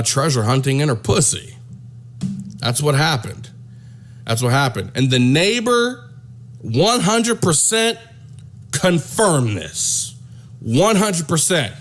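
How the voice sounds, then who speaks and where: A man telling a crude comic story, animated and profane, often repeating himself. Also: mid-range voice, slight background noise. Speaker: comedic storyteller.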